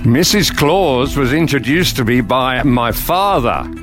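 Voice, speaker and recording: A man playing a jolly elderly Santa Claus as a studio guest, with a gentle, folksy, grandfatherly way of telling things. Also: medium pitch, lively intonation, unhurried, music in the background, close to an everyday voice. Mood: cheerful.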